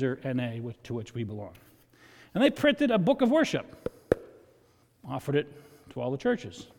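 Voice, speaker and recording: A male pastor giving a conversational sermon, rising loud and high to drive points home. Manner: conversational preaching, swells loud and high for emphasis. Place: church sanctuary. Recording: long reverb of a church hall.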